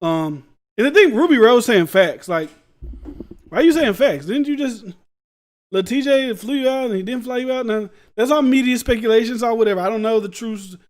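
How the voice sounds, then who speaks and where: A man's voice: extremely high pitch, expressive, brisk. A man hosting a podcast, giving blunt, rambling commentary in slangy street talk. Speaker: podcast host. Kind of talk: casual commentary.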